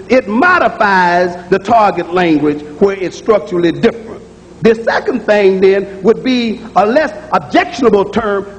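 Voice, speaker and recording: Male lecturer with a very high voice, emphatic and repetitive, heard in a reverberant hall. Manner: emphatic, repeats key phrases, sounds out speech sounds aloud. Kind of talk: public lecture to an audience. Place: lecture room with audience.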